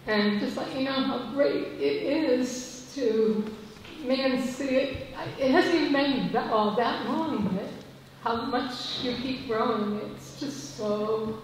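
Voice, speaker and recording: A woman's voice: a little high, slow, slight background noise. A woman in the audience speaking to an old friend in an affectionate, heartfelt way. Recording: echoey hall from far off.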